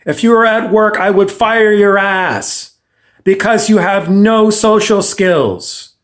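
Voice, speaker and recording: A man's voice: sits high, slow pace. A man giving a blunt, profane, lecturing monologue in a confrontational style. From Canada. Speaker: self-help speaker.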